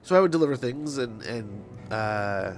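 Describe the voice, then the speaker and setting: Streamer, male, thirties, mid-pitched, rambling casual storyteller who keeps restarting sentences. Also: animated, normal speed, soft background music. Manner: rambling, with many restarts and self-corrections. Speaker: game streamer.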